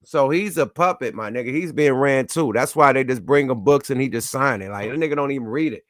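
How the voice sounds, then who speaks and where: A man co-hosting a casual podcast discussion, telling things in an animated, loose, profane way. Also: mid-range voice, fairly quick. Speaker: co-host.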